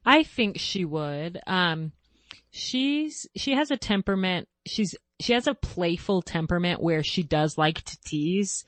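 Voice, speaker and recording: A woman's voice: on the low side, expressive, unhurried, no echo. A woman hosting a podcast, chatting casually, asking questions and laughing easily. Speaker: podcast host. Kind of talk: casual interview chat.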